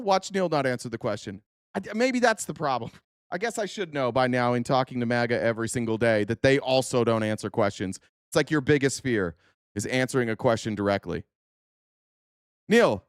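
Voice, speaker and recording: A man's voice: mid-range voice, no room sound, studio quality. A man hosting a political livestream, reacting to a hearing clip in an angry, profane rant aimed at his chat. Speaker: political commentary host.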